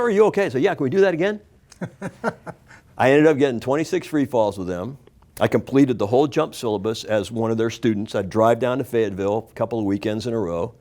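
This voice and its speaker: A man in his sixties tells a story as a talk show guest. He talks with animated energy and acts out the voices and shouts of the people in it. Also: medium pitch.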